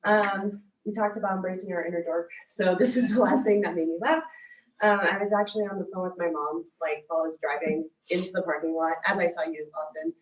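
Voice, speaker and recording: A woman's voice: on the low side, fairly even intonation, quick pace. A woman introducing herself to a yoga teacher training group, chatty and laughing often. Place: yoga studio room with a group. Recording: roomy sound from a far mic with faint noise.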